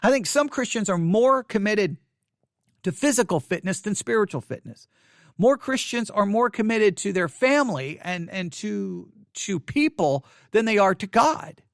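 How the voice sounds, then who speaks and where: A man with a fairly high voice and a gravelly edge leads an informal devotional study. He speaks haltingly, often repeating phrases and correcting himself mid-sentence. The sound is close and dry. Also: lively intonation, no room sound.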